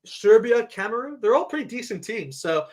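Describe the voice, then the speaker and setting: A man giving a live reaction to a sports draw, excitable and thinking aloud as he keeps addressing his viewers. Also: very high voice, normal speed. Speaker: sports vlogger.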